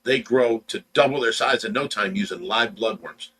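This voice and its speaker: A man's voice: fairly low pitch, normal speed, sharp tone, rough recording. A middle-aged man co-hosting a casual livestream, easygoing and teasing as he reads out viewer comments. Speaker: livestream co-host.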